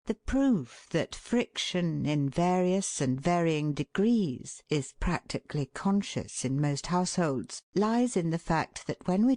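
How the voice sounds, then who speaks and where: A woman's voice: fairly low pitch, no echo, clean studio sound. A woman reading an audiobook aloud, shifting her tone to act out the quoted lines. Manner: expressive, shifts tone for quoted speech. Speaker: audiobook narrator. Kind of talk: scripted narration.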